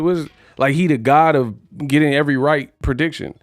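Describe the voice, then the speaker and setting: A man's voice: on the high side, moderate pace, few pauses, dry recording. Brash, slangy young male vlogger. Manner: brash, slangy trash talk. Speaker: boxing news vlogger. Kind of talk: casual commentary vlog. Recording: dry voice with faint music.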